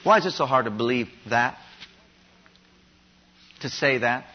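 A man's voice: medium pitch, expressive, measured pace, breathy edge. A man preaching a sermon, pressing his congregation with emphatic, repeated rhetorical questions. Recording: dull lo-fi sermon recording.

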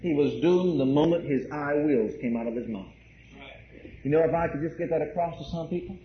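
A man's voice: on the high side, fairly quick. A male pastor preaching a sermon, emphatic, repeating key phrases and addressing the congregation directly. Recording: roomy, dull, faint hiss.

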